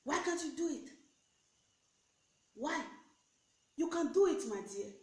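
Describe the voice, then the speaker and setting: A young Nigerian woman urging other women to join her business in an animated, preachy rant, switching between pidgin and English. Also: high-pitched, takes it slowly. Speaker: network marketing recruiter. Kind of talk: motivational live video rant. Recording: echoey room.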